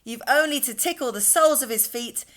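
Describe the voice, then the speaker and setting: A woman's voice: high-pitched, brisk, a bit bright, voice pushed up. A woman doing a bubbly, cheerful little boy. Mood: sing-song. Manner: sing-song and bubbly. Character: cheerful small boy, eager and friendly.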